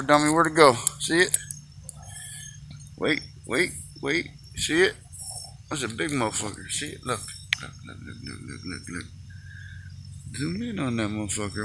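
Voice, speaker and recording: An ordinary man with a mid-pitched voice films himself walking a dog along a roadside, chatting to it in a crude, teasing way and swearing a lot. It's a noisy outdoor phone recording with constant background noise.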